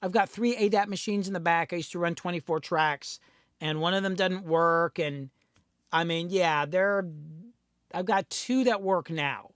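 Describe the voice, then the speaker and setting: A man's voice: high-pitched, a little slow, a bit bright, clear, resonant tone, no room sound, clean studio sound. Blunt, profane middle-aged man chatting live. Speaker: host, recording engineer and producer. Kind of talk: casual livestream chat.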